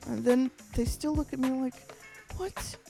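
A woman from the Bahamas trades casual banter on a radio show. She teases and laughs often, with soft music running underneath. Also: sits high, fairly even intonation, fairly quick, gravelly. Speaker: radio co-host.

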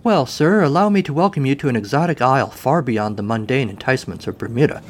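A man's voice: mid-range voice, fast talker, slight background noise, pitched above the performer's own voice, natural voice. A man voicing a tall, pompous woman official who speaks grandly. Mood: grandiose.

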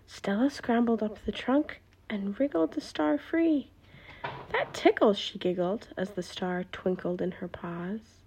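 A woman reading a bedtime story aloud in a hushed, often whispering voice. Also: mid-range voice, expressive, measured pace, creaky, hardly any pauses, slight background noise.

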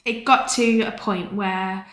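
A woman's voice: mid-range voice, fairly even intonation, takes it slowly, fairly bright tone, reverberant, slight background noise. A woman, a podcast guest, telling a personal story in casual chat. She is candid and chatty and often breaks into laughter.

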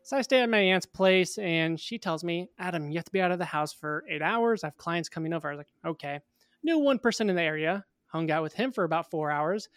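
A young man in his twenties, a guest in an interview, telling a personal story in a casual, animated way. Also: on the high side, a little fast, smooth, dry recording, clean studio sound.

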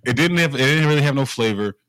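Bright-voiced man telling stories. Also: mid-range voice, quick pace, dry recording, studio quality. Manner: animated storytelling, profane slang. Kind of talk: casual chat.

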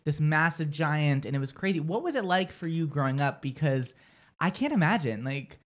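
A man from outside Boston hosting a radio-style show, telling stories in a rambling, animated way. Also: a little high, normal speed. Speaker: radio host. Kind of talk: casual chat.

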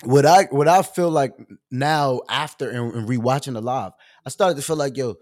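A man's voice: mid-range voice, moderate pace, darkish tone. A man talks straight to his audience in a loose, emphatic storytelling rant. His voice carries passion and conviction. His speech is full of slang and casual fillers. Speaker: show host.

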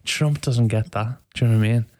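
A man's voice: medium pitch, quick pace, a little mellow, dry recording, studio quality. Chatty, jokey male podcast host. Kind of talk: casual chat.

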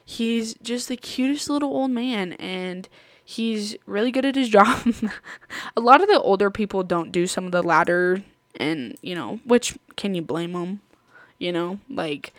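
A woman hosts her podcast in loose, rambling storytelling, laughing often as she goes. Her voice sits in an ordinary middle pitch and is recorded close on the mic in a dry room. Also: normal speed, no room sound. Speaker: podcast host. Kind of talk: casual storytelling chat.

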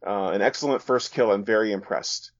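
A man voicing an older male military general, calm and encouraging, in a comic read-aloud. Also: fairly low pitch, fairly quick, no room sound, close to an everyday voice. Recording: dull, dry sound.

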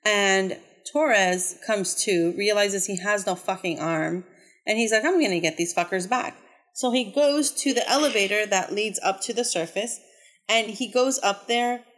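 A woman's voice: mid-range voice, a little slow, fairly bright tone. A woman co-hosting a casual podcast, recapping a movie plot in a rambling way with many fillers.

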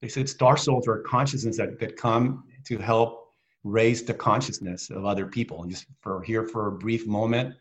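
A middle-aged man, a guest on a video call, telling a heartfelt personal story in a halting, earnest way with many restarts. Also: lowish voice, fairly even intonation.

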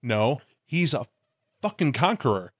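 A man's voice: medium pitch, big pitch swings, a little slow, no echo, clean studio sound. A man co-hosting a casual podcast, telling tabletop game lore with enthusiasm and profanity. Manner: enthusiastic, emphatic storytelling with profanity. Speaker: podcast co-host.

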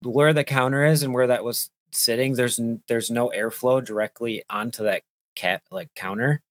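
A man hosting a casual conversation, relaxed as he tells a story. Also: mid-range voice, normal speed, dry recording. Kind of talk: casual chat.

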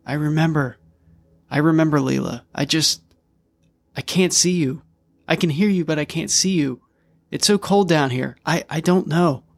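A man voicing a frightened, lost older brother trapped in a creature, halting and whimpering. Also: a little high, creaky, voice pushed up.

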